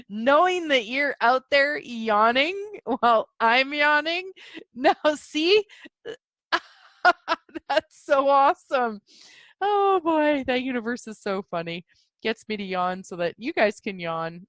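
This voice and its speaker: A woman's voice: a little high, fairly bright tone, no room sound. A woman hosting a solo podcast, rambling and giggling as she talks through yawns about spiritual ideas. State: yawning, sleepy. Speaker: podcast host. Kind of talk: casual solo podcast talk.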